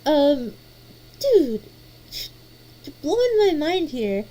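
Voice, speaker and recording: Playful high-voiced woman hosting. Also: drawn-out words, a little hiss or hum. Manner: playful, animated, stammering restarts. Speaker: host. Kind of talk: casual chat.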